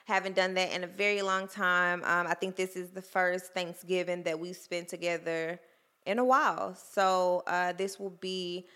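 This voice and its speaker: A woman's voice: lowish voice, steady tone, normal speed, fairly bright tone, clean tone. A young woman chatting candidly to camera, emotional and full of fillers. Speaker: vlogger. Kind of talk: casual chat to camera.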